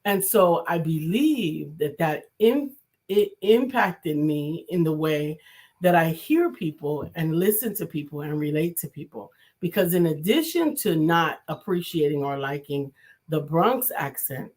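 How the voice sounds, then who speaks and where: A woman's voice: low-pitched, expressive, a little slow, darkish tone. A woman from New City, co-hosting a casual talk show and thinking aloud as she speaks. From New York City. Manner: reflective, thinks aloud with restarts. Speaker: co-host, coach.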